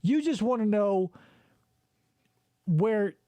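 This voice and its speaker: Sardonic male podcaster, high voice, dry close sound. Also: expressive, extremely slow, mellow, no echo. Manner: profane, rambling, sardonic. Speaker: podcast host. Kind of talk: casual chat.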